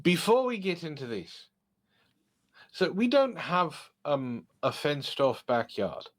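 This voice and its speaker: A man hosting a casual podcast, reading funny online stories aloud and joking about them with animated asides. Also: a little high, slow pace. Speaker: podcast host.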